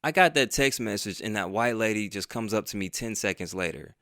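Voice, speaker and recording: A man's voice: lowish voice, expressive, brisk, bright, forceful tone, dry recording, clean studio sound. A man telling a personal story in a casual, profane storytime monologue, acting out the dialogue as he goes. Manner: conversational and profane, retelling with quoted dialogue. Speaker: vlogger and podcaster.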